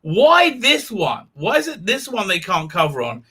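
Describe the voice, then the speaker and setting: A man's voice: high-pitched, huge pitch swings, measured pace, bright, forceful tone, breathy edge. A man hosting a casual live stream, talking in a rambling, sardonic way with many restarts.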